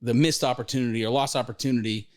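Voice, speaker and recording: A middle-aged man hosting a podcast, telling stories in a lively, rambling way, often restarting his sentences. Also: mid-range voice, quick pace. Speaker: podcast host, financial advisor. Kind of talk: casual storytelling conversation.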